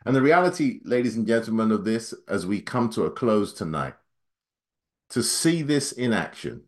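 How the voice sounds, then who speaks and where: A man preaching a sermon, his voice climbing for emphasis and then dropping low and quiet, reading scripture at a quick clip. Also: big pitch swings. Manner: dynamic preaching, voice rising high then dropping low and soft.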